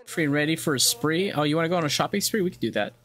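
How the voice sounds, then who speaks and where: A man's voice: fairly high pitch, lively intonation, racing, a bit bright. A young man speedrunning a game and narrating it casually, cracking crude jokes, swearing freely and laughing often. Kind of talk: casual gameplay commentary.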